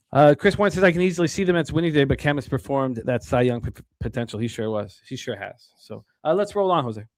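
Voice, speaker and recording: A man hosting a sports betting show, talking casually in a rambling, excitable way with many fillers and restarts. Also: medium pitch, dry recording, clean studio sound.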